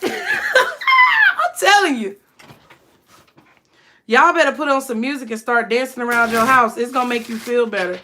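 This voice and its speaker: A woman's voice: a little high, fast, few pauses, bright, forceful tone, slight background noise. A woman giving a casual, emphatic tarot reading who is blunt and swears freely. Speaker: tarot reader.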